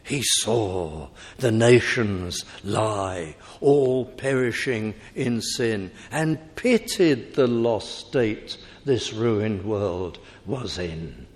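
A man preaches with slow, weighty emphasis. His voice lifts on each appeal and sinks again, and it rings out with a long reverb, as in a large church. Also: fairly low pitch, expressive. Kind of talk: sermon.

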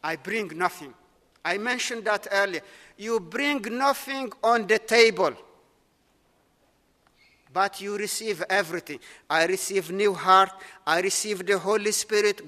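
A man preaches with earnest, repetitive emphasis, building his points phrase by phrase. His voice sits high and rings bright. The sound carries a long, lingering hall reverb. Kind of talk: sermon.

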